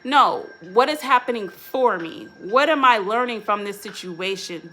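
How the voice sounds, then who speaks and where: A woman's voice: medium pitch, animated, measured pace, bright, forceful tone, slight background noise. A woman hosting a live self-love talk, earnest and repetitive, often checking in with "right?". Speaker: self-love channel host.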